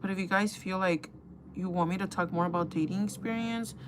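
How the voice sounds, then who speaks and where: A woman's voice: medium pitch, a little fast, noisy background. A young woman chatting casually to her viewers while doing her makeup, gossipy and talkative, calling them girl and guys. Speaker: beauty vlogger.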